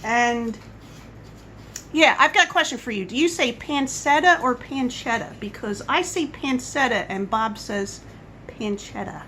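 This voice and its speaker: Bright chatty woman vlogger. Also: on the high side, expressive, normal speed, slight background noise, low-quality recording. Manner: rambling, chatty, goes off on tangents. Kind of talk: casual coffee-chat monologue.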